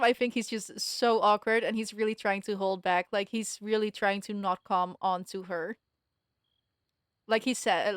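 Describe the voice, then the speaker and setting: Young woman streamer, chatty game commentary, trails off mid-sentence, middle pitch, dry close sound. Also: smooth, dry recording.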